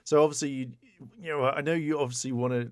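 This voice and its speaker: A man hosting a casual video, commenting on gaming news in an animated, exclaiming way with stammered repeats. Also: mid-range voice, fast talker, no room sound. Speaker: YouTube host.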